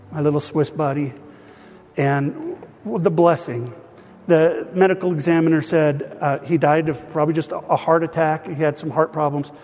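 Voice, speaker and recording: Man, pastor, earnest emotional sermon and prayer, slightly high voice, long hall reverb. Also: darkish tone. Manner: earnest, emotional, speaks of grief and peace. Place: church hall.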